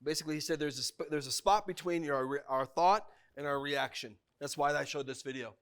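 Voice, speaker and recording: A man's voice: on the high side, a little fast, a bit bright, clean tone. A man, a chaplain talking to couples in a workshop in a plainspoken, folksy way.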